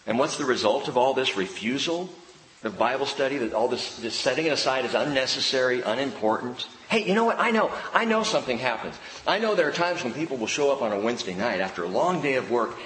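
A man preaching a sermon as a pastor, shifting from loud animated bursts to hushed, slow emphasis. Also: mid-range voice, slight background noise. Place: church hall. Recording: roomy hall reverb, faint background ambience.

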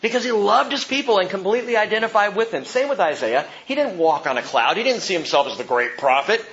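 Impassioned preacher man, lively pitch. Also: fast talker, highs cut off. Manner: impassioned, swings between loud outbursts and hushed tones. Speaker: pastor. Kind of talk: sermon.

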